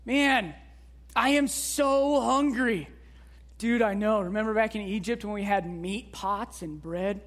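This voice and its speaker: A woman's voice: mid-range voice, measured pace, pitched below the performer's own voice, natural voice. A woman doing a whiny grumbling wanderer. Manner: whiny, casual complaining. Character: grumbling hungry adult Israelite men, complaining.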